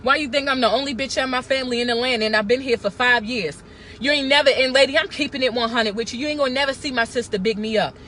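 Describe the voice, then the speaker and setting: A woman's voice: high-pitched, quick pace, a bit bright, slight background noise. A woman, talking to camera in a blunt, profane, emphatic casual rant. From Baltimore. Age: 30s. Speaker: vlogger.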